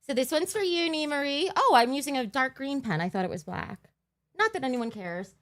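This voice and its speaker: A woman streamer chatting to her viewers, overtired and scattered, always losing her thread. Her voice sits a touch high and leaps up and down all over the place. The sound is dry and close, with no room around it. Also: expressive, fairly quick, fairly bright tone, no room sound. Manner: scattered, rambling, loses her train of thought; bursts into a mock auctioneer patter. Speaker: livestream host. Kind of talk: casual livestream chat.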